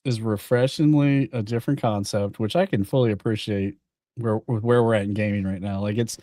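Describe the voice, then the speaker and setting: A man's voice: fairly low pitch, steady tone, fairly quick, mellow, dry recording, studio quality. A man as a guest on a gaming podcast, talking casually and rambling through his stories. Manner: rambling, restarts mid-sentence. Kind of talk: casual chat.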